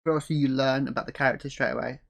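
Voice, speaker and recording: A man hosting a casual chat about a comedy series, relaxed and swearing freely. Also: medium pitch, racing, vocal fry. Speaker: host.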